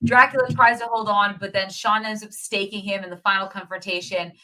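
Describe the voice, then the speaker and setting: A woman co-hosting a relaxed movie chat, walking through the story with lively enthusiasm and easy laughter. Her voice is bright and forward, sitting in a mid range. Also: mid-range voice, brisk. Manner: retells the plot in a lively, chatty way with frequent laughs. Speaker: co-host reviewing a movie. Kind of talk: casual chat.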